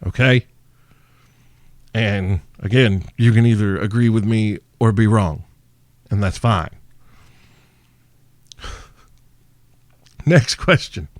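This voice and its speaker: A man's voice: on the low side, fairly even intonation, drawn-out words, long pauses, a little mellow, no room sound, studio quality. A man hosting a podcast, answering listener questions in a crude, brash, joking monologue. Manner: profane, brash, mock-seductive. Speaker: podcast host.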